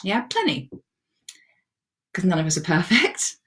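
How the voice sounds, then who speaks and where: A woman with a low-pitched voice hosts a live online self-love session. She talks in a relaxed, chatty way, greeting viewers and answering their comments with encouragement. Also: a little slow. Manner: warm, encouraging, reads viewer comments aloud. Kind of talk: casual live-stream chat.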